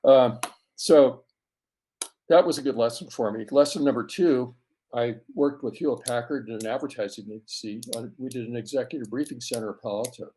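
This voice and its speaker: Middle-aged male guest, mid-pitched voice, chatty anecdotal delivery with stumbles and restarts. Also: brisk, dark tone, slight background noise. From US West Coast. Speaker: photographer guest. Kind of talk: casual interview storytelling.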